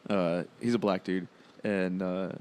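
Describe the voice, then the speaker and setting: Low-ish voiced dude chatting on a podcast, laid back, lots of uh and like. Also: male voice, level tone, a little slow, darkish tone, clean tone. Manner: laid-back, filler-heavy talk with frequent uh and like. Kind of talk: casual podcast chat.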